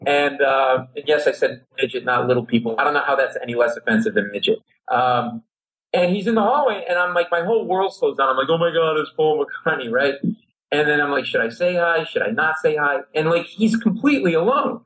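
A comedian in casual conversation tells a story with rising excitement. His voice is a man's, slightly higher than most. He throws himself into the tale and now and then jumps into loud, high exclamations. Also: poor audio. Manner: fast, excitable storytelling, lurching into high shouted asides. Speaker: comedian guest. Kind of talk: animated storytelling on a podcast.

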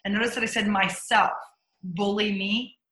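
A woman's voice: medium pitch, steady tone, normal speed, pushed and bright. A middle-aged woman, a leadership coach, telling stories from her career in a casual interview and acting out her own inner voice. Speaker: guest, leadership coach and speaker. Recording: echoey room.

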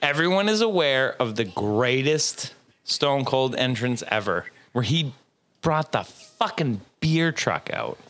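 A man co-hosting a podcast in casual chat, animated and emphatic, throwing in jokey interjections. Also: mid-range voice, slow pace. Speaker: podcast co-host.

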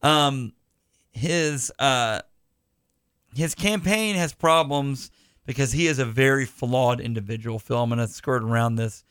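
A man's voice: medium pitch, a little slow, a bit bright, clean tone, no room sound. Chatty male podcast host, dry sound. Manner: rambling, restarts and side jokes. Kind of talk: casual chat.

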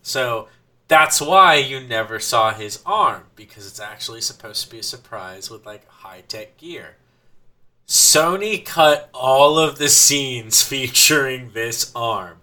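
Very bright-voiced man sharing film trivia. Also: medium pitch, animated, slow pace. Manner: chatty, trivia-sharing, hesitant fillers. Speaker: podcast co-host. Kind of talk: casual movie review chat.

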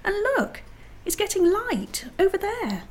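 A woman's voice: high voice, sing-song, moderate pace, pitched above the performer's own voice. A woman voicing a sensible, practical older sister who speaks in a prim, well-spoken way. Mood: surprised.

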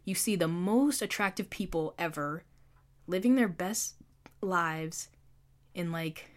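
Young woman rambling to camera, kinda low voice, says like every other word, laughs at herself. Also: slow pace. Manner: chatty, fills with "like", self-mocking. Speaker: vlogger. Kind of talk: casual confessional chat to camera.

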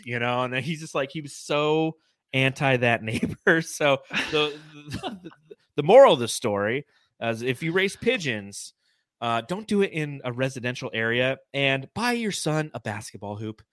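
A man's voice: medium pitch, no room sound. A man from California, co-hosting a casual sports podcast and telling stories animatedly with lots of laughter. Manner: storytelling, laughing often, animated. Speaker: podcast co-host.

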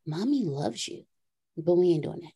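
A woman hosting a podcast, telling a casual story in an animated way and acting out a dialogue with her son. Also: lowish voice, moderate pace, slightly rough. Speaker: podcast host.

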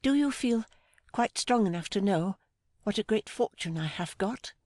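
Little Dorrit, a woman voicing a timid gentle girl. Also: medium pitch, lively intonation, moderate pace, dry recording, natural voice. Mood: tender. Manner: soft, hesitant and affectionate. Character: gentle, timid young woman, tender and devoted. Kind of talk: audiobook dialogue reading.

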